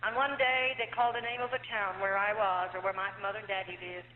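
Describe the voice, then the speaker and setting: A woman's voice: mid-range voice, fairly even intonation, fast. Older woman's earnest testimony, tinny hall tape. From United States. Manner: earnest, emotional storytelling with hesitant fillers. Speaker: former nun giving testimony. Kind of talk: personal testimony to a church gathering. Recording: tinny old cassette of echoey hall, faint hiss.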